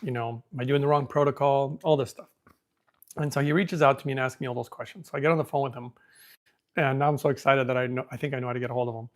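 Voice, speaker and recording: A man hosting a podcast, telling a story in a casual, rambling way, thinking out loud and becoming emotional. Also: mid-range voice, steady tone, fast. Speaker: podcast host.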